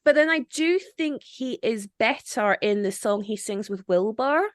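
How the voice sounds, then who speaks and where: A woman hosting a casual podcast, her voice leaping around with lively swings in pitch. She talks in an animated, opinionated way, peppered with "like," and sounds close and dry with no room around her. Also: normal speed, no echo. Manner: animated, opinionated, frequent "like" fillers. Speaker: podcast host.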